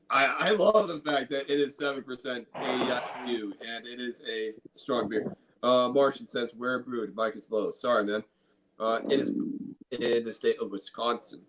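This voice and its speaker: An enthusiastic man hosts a casual beer tasting, swearing freely and circling back over his own phrases. His voice sits at an everyday pitch, with faint noise under the recording. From Illinois. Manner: enthusiastic, profane, repeats himself. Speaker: beer review host.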